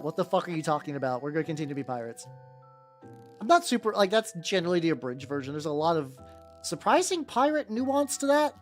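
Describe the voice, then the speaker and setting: Rambling, foul-mouthed miniature-painting streamer. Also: medium pitch. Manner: rambling, profane, chatty with viewers. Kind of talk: casual livestream chat. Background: faint background music.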